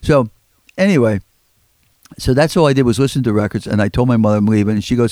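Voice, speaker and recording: A man's voice: medium pitch, fast talker, a little mellow, dry recording. An older man, telling rambling stories as an interview guest and acting out quotes. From Philadelphia. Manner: rambling, repeats words, acts out quotes. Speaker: record collector guest. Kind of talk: storytelling in an interview. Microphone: studio microphone.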